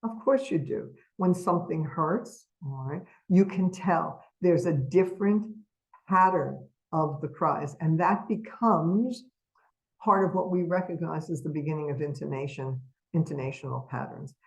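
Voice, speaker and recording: A woman's voice: low voice, a little slow, muffled recording. A woman giving an educational webinar lecture, emphatic and putting rhetorical questions to her audience over a video call microphone. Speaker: webinar presenter.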